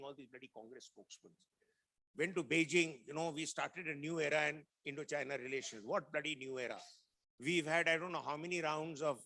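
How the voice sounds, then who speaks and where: A man with a gravelly, bright edge to his voice tells old army stories in a blunt, offhand way. He speaks over a video call, slipping into the voices of the people he quotes. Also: on the high side. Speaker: guest speaker, retired army officer. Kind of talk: anecdotal storytelling talk.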